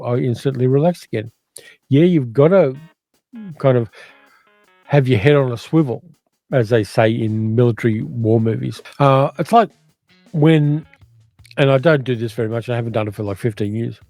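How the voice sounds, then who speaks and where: A man's voice: medium pitch, moderate pace, dark tone, dry recording, soft background music. An older man with an educated Australian accent, chatting casually as a livestream host while reading out viewer comments and musing on them. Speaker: movie channel host reading live chat.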